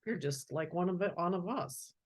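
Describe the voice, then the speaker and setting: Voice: medium pitch, normal speed, husky. A host reading a children's picture book aloud and adding casual commentary and laughing asides.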